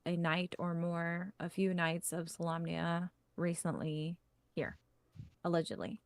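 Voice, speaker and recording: A woman's voice: lowish voice, a little slow. A woman runs a tabletop game in loose, chatty narration. She uses plenty of fillers and restarts. The sound is dry, with no room echo. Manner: casual, rambling, full of fillers and "like". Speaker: game master.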